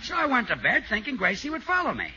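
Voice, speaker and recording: A man's voice: very high-pitched, huge pitch swings, fast talker, pushed and bright, heavily acted. A man playing a patient, exasperated husband in a 1940s radio comedy, explaining things in a patient tone. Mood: patiently exasperated. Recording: hissy, dull old 1940s radio broadcast.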